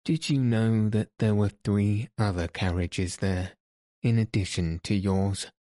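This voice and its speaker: A man's voice: on the low side, steady tone, measured pace, dark tone, no room sound, clean studio sound, close to an everyday voice. A man voicing a smug, self-satisfied police commissary who questions and lectures in a pointed way. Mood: questioning.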